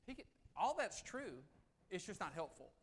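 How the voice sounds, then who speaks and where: A middle-aged man giving a live negotiation seminar, swinging between loud emphasis and soft, low asides. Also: big pitch swings, moderate pace, breathy edge. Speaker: negotiation speaker. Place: meeting room with audience.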